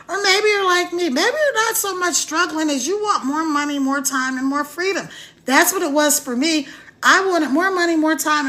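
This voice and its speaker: Chatty high-voiced woman streaming live. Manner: chatty, animated storytelling with laughs. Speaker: online business recruiter. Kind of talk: casual live-stream pitch. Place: indoors, talking to a phone camera. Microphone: phone mic.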